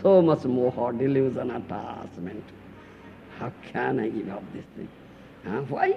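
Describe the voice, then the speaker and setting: A gravelly spiritual teacher, not a native English speaker, preaches animatedly in a mid-range voice at an unhurried pace. His scripture lecture with Q&A is playful and teasing, full of rhetorical questions and impressions of the attached householder. It comes from a faintly hissing, dull lo-fi tape recorded in 1992.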